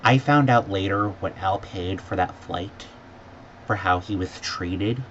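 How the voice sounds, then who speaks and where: A man in a vlog ranting sarcastically about a bad trip, sometimes mimicking staff in a higher voice. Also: slow, fairly bright tone. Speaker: vlogger. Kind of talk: exasperated travel rant. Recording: dull lo-fi audio with faint background noise.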